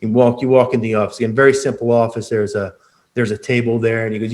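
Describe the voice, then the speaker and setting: A man's voice: mid-range voice, little pitch movement, fast, a little mellow. A man narrating a tabletop game as game master, rambling with many fillers and restarts.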